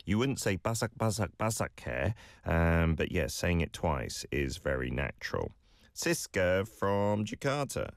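A man's voice: deep voice, big pitch swings, a little fast, gravelly, no echo, clean studio sound. A man hosting a language lesson, patiently giving encouraging feedback on listener clips.

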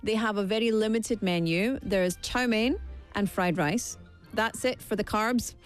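A woman's voice: medium pitch, measured pace, soft background music. A young woman chatting playfully to camera in a vlog, full of jokey asides. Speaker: vlogger. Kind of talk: casual chat to camera.

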